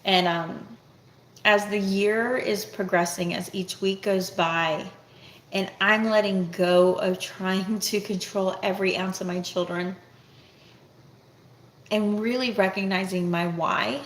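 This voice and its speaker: A middle-aged woman chats candidly to her camera, rambling and thinking aloud as she goes. Her voice has a gravelly edge and sits in a middle range. The room is echoey, with a faint hiss behind her. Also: medium pitch, fairly even intonation, slow. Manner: candid, rambling, self-reflective. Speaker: vlogger, homeschooling mother. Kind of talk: casual talk to camera.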